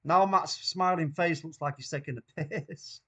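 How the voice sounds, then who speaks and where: Excitable Mancunian man hosting a watchalong. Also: on the high side, normal speed, slightly rough, lo-fi sound. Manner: excitable, reacts loudly to play. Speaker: watchalong host. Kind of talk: live football watchalong commentary.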